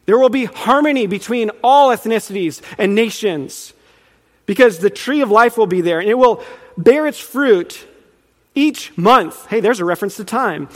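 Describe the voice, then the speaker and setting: A man's voice: high-pitched, lively intonation, normal speed. A man preaching a teaching sermon, earnest and building in emphasis as he quizzes his listeners. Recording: long reverb of a hall.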